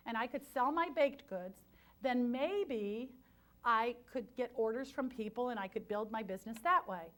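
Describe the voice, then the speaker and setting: A middle-aged woman giving a talk to an audience, telling her story in a lively, chatty way and acting out quoted asides. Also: on the high side. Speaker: guest speaker, restaurant founder.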